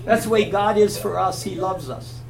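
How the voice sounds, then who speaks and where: A man's voice: sits high, normal speed, gravelly, a little mellow. A man teaching a Bible class, telling a story with animation and quizzing his listeners. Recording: echoey, from a distance, faint hum.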